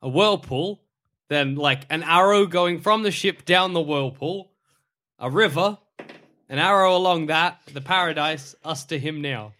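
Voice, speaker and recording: A man playing in a tabletop game, speaking slowly and deliberately when in character. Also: a little high, sharp tone. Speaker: player. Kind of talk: casual tabletop gaming chat.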